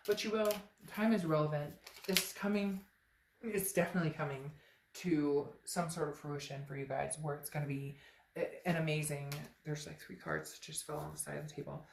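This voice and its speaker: Female tarot reader, low voice, emphatic casual delivery to camera, echoey room. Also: fairly even intonation, moderate pace, gravelly. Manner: chatty and emphatic, addressing viewers directly. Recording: roomy echo, faint background noise.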